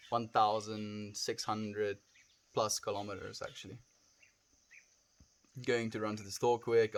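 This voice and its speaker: A South African man chatting casually on a late-night livestream, rambling softly with many fillers and calling viewers friend. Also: fairly low pitch, a little hiss or hum.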